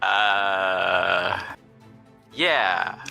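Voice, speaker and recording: A woman's voice: very deep voice, very slow, gravelly, sharp tone, soft background music. A woman playing a tabletop game, declaring her character's moves in a playful, joking way. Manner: playful and swoopy, breaking into laughter. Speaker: player. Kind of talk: casual tabletop play.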